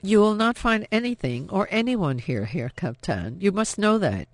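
A man's voice: high voice, big pitch swings, normal speed, no echo, pitched above the performer's own voice. A man voicing a frightened young French woman who hides a secret, speaking in a pleading, breathless way. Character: anxious French woman hiding airmen, frightened.

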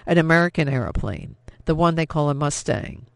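A man's voice: fairly high pitch, lively intonation, a little fast, creaky, dry recording. A man playing an agitated German army captain whose formal, clipped speech barely holds back anger. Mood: tense.

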